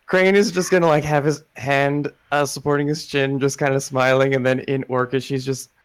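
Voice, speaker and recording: A man's voice: mid-range voice, little pitch movement, normal speed, clear, resonant tone, no echo. A man playing a tabletop game, chatting casually and hesitantly, often trailing off. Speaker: player.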